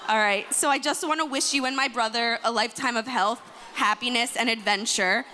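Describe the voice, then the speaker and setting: A woman's voice: fairly high pitch, pushed and bright. Brief: woman in her 20s giving a sisterly wedding toast, reverberant hall, faint room noise. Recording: echoey hall with faint ambience.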